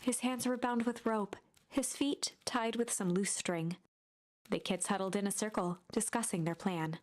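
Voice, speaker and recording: A woman narrating a storybook game in a hushed, suspenseful voice that often drops near a whisper. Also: mid-range voice, moderate pace, close to an everyday voice. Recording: game audio with clear music bed. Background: game music.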